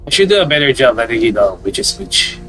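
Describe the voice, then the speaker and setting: A man's voice: mid-range voice, very animated, quick pace, a bit bright, faint music behind. Lux, a guarded catgirl, read aloud by a man. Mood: thoughtful. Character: reserved young catgirl woman, guarded about her past. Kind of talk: reading visual novel dialogue aloud.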